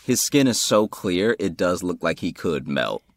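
A man's voice: low voice, sing-song, measured pace, no echo, clean studio sound. A man in casual conversation, musing aloud and restarting his sentences as he works toward a point. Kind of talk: casual chat.

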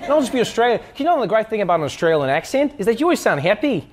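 A man comedian chatting with a live audience, an animated storyteller who laughs as he talks and keeps slipping into impressions. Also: sits high, rapid-fire, few pauses. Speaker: comedian answering audience questions. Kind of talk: live stand-up style audience Q&A. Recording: live audience noise in hall. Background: audience laughter and murmur.

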